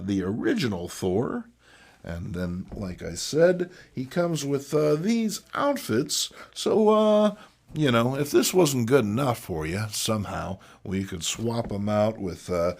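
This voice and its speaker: Male host, slow folksy delivery, lively lowish voice. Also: vocal fry. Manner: folksy, slow, playful hosting. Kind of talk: casual comic collection show.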